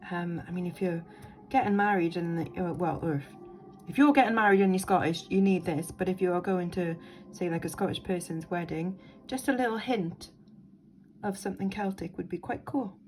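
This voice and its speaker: A woman's voice: on the low side, normal speed, darkish tone, a little hiss or hum. Chatty woman showing off jewellery. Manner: chatty and enthusiastic, thinking aloud with many ums and likes. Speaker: vintage jewellery reseller. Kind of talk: casual show-and-tell vlog.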